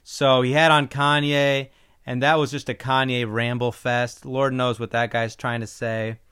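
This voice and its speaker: A man's voice: mid-range voice, little pitch movement, a little slow, a bit bright, clear, resonant tone. A man hosting his own podcast in a casual, opinionated solo talk, rambling with frequent ums. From Iowa. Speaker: podcast host.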